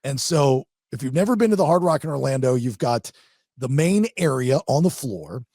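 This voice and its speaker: A man who hosts a radio and podcast show, chatting casually and telling animated stories from his years in radio. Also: medium pitch, moderate pace, no echo, clean studio sound. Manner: animated storyteller, rising excitement in anecdotes. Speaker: radio host. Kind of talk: casual podcast chat, storytelling.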